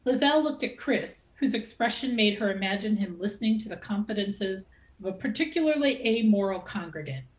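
A woman novelist reading aloud from her own novel with an expressive, dramatic delivery. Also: mid-range voice, brisk. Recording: echoey room.

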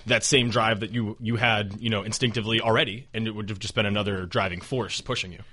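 A man's voice: fairly low pitch, steady tone, fast, pushed and bright, no room sound. A man co-hosting a podcast, reflecting and thinking aloud in casual chat.

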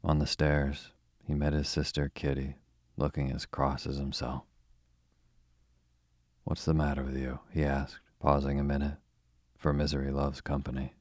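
A young man hosting and narrating a bedtime story in a slow, calm, soothing way. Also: rumbling low, no room sound, studio quality.

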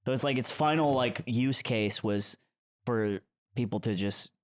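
A man's voice: mid-range voice, a little slow. Male co-host, loose and rambling, tells stories with frequent laughs. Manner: rambling storyteller, laughs often. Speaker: podcast co-host. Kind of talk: casual chat.

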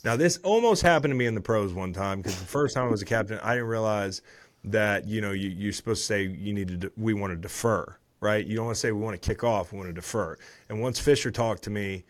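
This former football player, a man in his thirties, speaks quickly in a lowish voice on his podcast. In casual talk full of swearing and wandering asides, he goes over the week's games.

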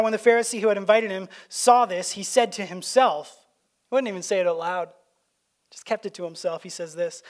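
In a church sanctuary, a high-pitched pastor from Canada preaches a sermon. He tells stories in a casual, talky way, frequently stopping and starting over.

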